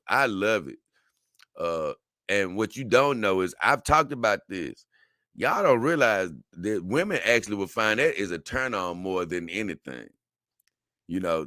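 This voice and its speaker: A man hosting a casual talk show, his voice bright and forceful as it swings up and down in lively pitch. He rambles and often stumbles over repeated words, and the sound is close and dry with no room echo. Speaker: show host. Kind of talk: casual talk show, reading viewer comments.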